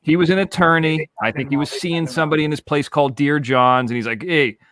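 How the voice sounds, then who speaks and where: A man on a live stream chat talks fast and bluntly, handing out firm advice and swearing freely. His voice sits slightly high and sounds dry and close. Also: steady tone, fairly bright tone, no echo. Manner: blunt, brisk, profane, gives firm advice. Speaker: guest.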